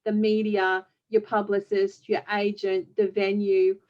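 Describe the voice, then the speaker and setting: A woman's voice: mid-range voice, level tone, a little slow, a little mellow. A woman hosting a music podcast, wrapping up an interview in an upbeat, appreciative way. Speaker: podcast host. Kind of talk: interview wrap-up. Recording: dull lo-fi audio.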